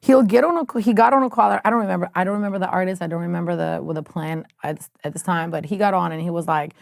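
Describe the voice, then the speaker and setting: A woman music executive as a podcast guest, telling animated stories in a casual chat with quick restarts. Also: on the low side, gravelly, dry recording, studio quality.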